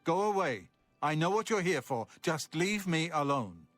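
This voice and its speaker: A man's voice: on the high side, very animated, moderate pace, fairly bright tone, no room sound, faint music behind. A man voicing a nervous, defensive recluse in a fantasy video game, bristling with indignation and then pleading to be understood. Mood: dismissive. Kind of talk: video game character dialogue. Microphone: studio voice recording.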